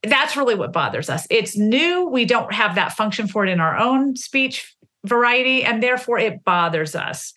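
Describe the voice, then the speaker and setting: Woman, linguist guest, forties, bright tone, animated explainer, interview. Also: a little high, moderate pace. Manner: animated, acts out example phrases.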